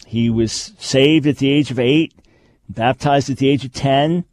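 A radio talk show host runs a teaching show in an emphatic voice, driving his points home by repeating key phrases. His voice is medium-pitched and darkish, his pace a little slow, and the recording is dry and close with no room sound.

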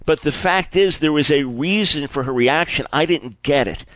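A man preaching a sermon in an earnest, lively way, often repeating words and stumbling as he builds his point. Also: on the high side, normal speed, no echo.

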